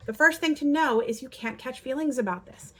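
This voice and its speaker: A woman's voice: high-pitched, brisk. A woman talking earnestly to parents, giving advice on handling children's behavior and acting out example lines. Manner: earnest, acts out quotes in lively voices. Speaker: parenting educator. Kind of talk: instructional talk to parents.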